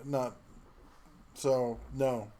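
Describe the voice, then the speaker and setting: A middle-aged man hosting a live tool show, chatting casually and reading viewer comments in a rambling, halting way with many fillers. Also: mid-range voice, fairly even intonation, mellow.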